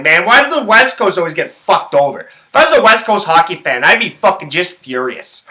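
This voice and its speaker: Brisk, with hardly any pauses, this man's voice sits high, swings widely in pitch, and has a sharp tone over poor audio. A sports handicapping vlogger, he rambles heatedly about hockey and sports betting, swearing constantly in a profane rant.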